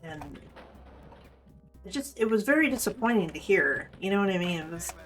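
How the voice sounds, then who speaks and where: A woman's voice: medium pitch, big pitch swings, normal speed, soft background music. A woman in her thirties streaming a game, talking in a rambling, profane, candid way as she plays. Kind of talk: casual gameplay commentary.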